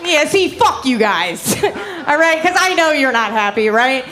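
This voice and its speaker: A young woman working a comedy club crowd with a high, bright voice. Her delivery is brash and foul-mouthed. She keeps laughing at her own jokes into a handheld stage mic. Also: very animated, measured pace, background noise. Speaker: stand-up comedian. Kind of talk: stand-up comedy set. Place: comedy club stage before a live audience.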